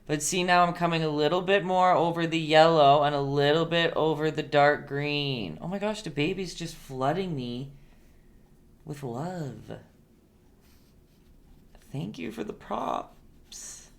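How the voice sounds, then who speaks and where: A woman's voice: low-pitched, unhurried, vocal fry. A woman hosting a casual live-stream painting lesson, chatty and playful, laughing often and talking back to her viewers.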